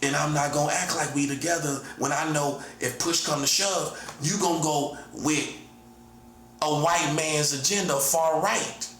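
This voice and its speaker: A man's voice: a little high, steady tone, measured pace, a bit bright, a little hiss or hum. A man in his forties giving a confrontational monologue, repeating himself and calling the listener "buddy". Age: 40s. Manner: repetitive, combative, keeps calling the listener "buddy". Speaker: self-styled prophet giving a monologue. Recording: roomy echo, faint background ambience.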